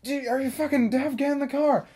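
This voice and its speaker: A man's voice: extremely high pitch, steady tone, brisk, slightly rough, voice pushed up. A man doing a furious foul-mouthed woman driver. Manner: yelling curses. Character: reckless foul-mouthed young woman driver, hot-tempered.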